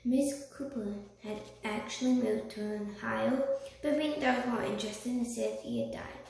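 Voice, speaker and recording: A woman reading a children's book aloud, slowly, with slips and restarts. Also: fairly high pitch, animated, creaky, darkish tone. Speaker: reader. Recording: echoey room, far from mic, faint noise.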